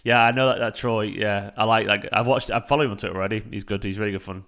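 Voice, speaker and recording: Guy doing a live match watchalong, gravelly voice, sweary and chatty, talks to the chat. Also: lowish voice, steady tone, fast talker, a bit bright. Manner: casual and sweary, reading out chat messages. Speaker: fan channel host.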